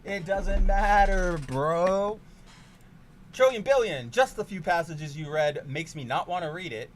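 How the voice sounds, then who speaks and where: A man chats casually while streaming a card game, his fairly high voice swinging wildly as he rants. He swears freely and flares into loud exasperated outbursts. A faint hiss sits under the mic. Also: animated, unhurried.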